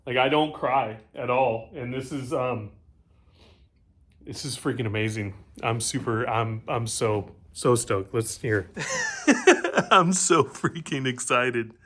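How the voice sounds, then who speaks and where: A man hosting a casual bike build vlog, excitable and joking, often stammering and restarting his sentences in a home workshop. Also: medium pitch, unhurried. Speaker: channel host.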